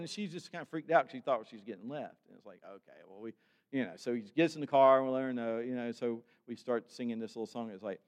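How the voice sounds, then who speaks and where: An older man preaching a sermon with emphatic delivery that builds to loud exhortation. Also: medium pitch, quick pace, long reverb tail. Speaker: pastor.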